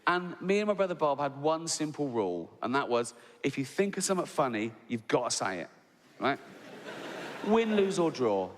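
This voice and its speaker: A man's voice: a little high, big pitch swings, normal speed, a little hiss or hum. A man in his sixties doing stand-up, telling stories in a chatty way and tagging his lines with "right?" while laughing at his own jokes. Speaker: stand-up comedian. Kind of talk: stand-up storytelling. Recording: live hall reverb, faint ambience.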